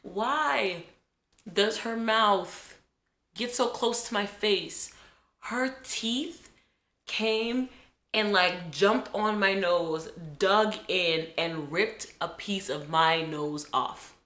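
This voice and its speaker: A woman in her twenties from New Jersey, telling a childhood story to her viewers in an animated, chatty way while getting over a cold. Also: medium pitch, drawn-out words. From New Jersey, USA. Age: 20s. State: has a cold. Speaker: vlogger. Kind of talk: casual storytime vlog. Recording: echoey room.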